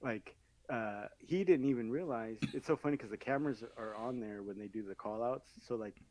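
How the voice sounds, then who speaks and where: A man's voice: medium pitch, brisk, darkish tone, low-quality recording. Crude, jokey man in podcast banter. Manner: crude, jokey, laughs often. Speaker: podcast co-host. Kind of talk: casual chat.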